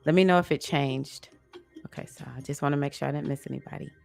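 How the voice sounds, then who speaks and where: A woman hosting a live online women's circle, reading out chat comments in a soft, affectionate, unhurried way. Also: low-pitched, steady tone, creaky. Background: music playing.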